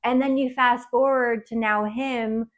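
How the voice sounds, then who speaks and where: A woman's voice: on the high side, fairly even intonation, measured pace. A woman co-hosting a podcast, chatting casually and emotionally about a book, laughing often. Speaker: podcast co-host.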